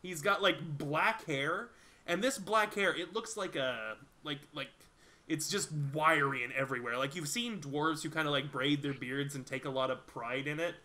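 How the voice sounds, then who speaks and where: A man's voice: a little high, normal speed, pushed and bright. A man running a tabletop game as game master, narrating loosely, with fillers and frequent laughter. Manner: laughs often, rambling with fillers.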